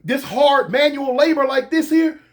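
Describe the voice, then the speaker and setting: A man casually telling a comic story from his own life, animated and full of street slang. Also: very high voice. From California. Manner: animated, slangy, drawn-out pauses.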